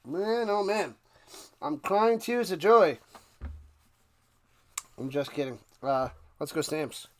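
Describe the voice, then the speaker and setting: A man hosting a live stream, mixing casual play-by-play of a football game with chat to viewers, getting loud on big plays and now and then coughing and clearing his throat. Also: a little high, expressive, takes it slowly, long pauses.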